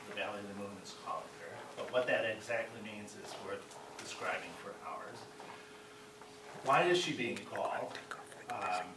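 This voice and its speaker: A man's voice: mid-range voice, noisy background. A middle-aged man from Chicago giving a classroom lecture as a guest speaker, often checking in with his listeners by asking "right?". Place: college classroom. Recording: echoey room, mic far off.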